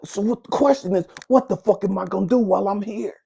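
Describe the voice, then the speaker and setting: A man's voice: high-pitched, fast, gravelly, mellow, husky. A man, a spiritual coach, delivering a fierce, profane motivational monologue in a preaching, scolding manner.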